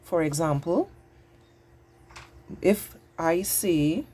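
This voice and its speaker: A woman teaching a patient, exaggerated grammar lesson to young children, speaking slowly and clearly. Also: lowish voice, lively intonation, dark tone.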